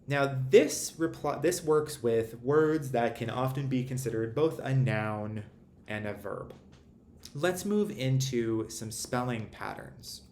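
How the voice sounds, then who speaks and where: Male instructor, unhurried and methodical, mid-pitched voice, echoey room with faint background hiss. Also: darkish tone. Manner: measured, explanatory. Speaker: literacy instructor. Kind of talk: recorded lecture. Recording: roomy echo, faint ambient noise.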